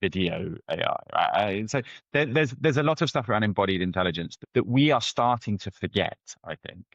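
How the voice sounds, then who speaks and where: Low-voiced man telling stories animatedly. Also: brisk, creaky, no echo, muffled recording. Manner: animated storytelling with frequent restarts. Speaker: head of ethnography, guest. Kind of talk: conversational interview answers.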